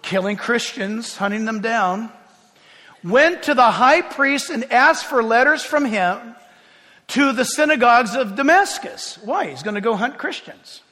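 A man preaching as a pastor, animated, moving from hushed tones to loud calls. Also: extremely high pitch. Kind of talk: sermon. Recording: long reverb of a large hall.

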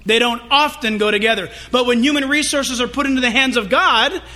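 A male pastor preaching a sermon in an animated, joking and confessional way. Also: very high voice, brisk.

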